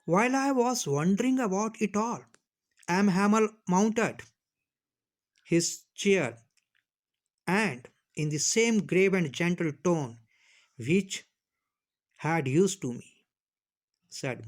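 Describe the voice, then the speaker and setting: A man's voice: sits high, lively intonation, takes it slowly, pauses often. A man who teaches by reading a story aloud, rephrasing lines and explaining them in Hindi.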